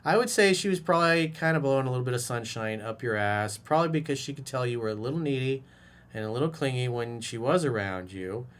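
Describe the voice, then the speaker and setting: A man's voice: medium pitch, animated, quick pace, fairly bright tone. A man who works as a dating coach, giving blunt, profane advice in a casual monologue and scolding the listener like a buddy. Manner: casual bro-talk, direct address. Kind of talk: advice monologue reacting to a viewer's message.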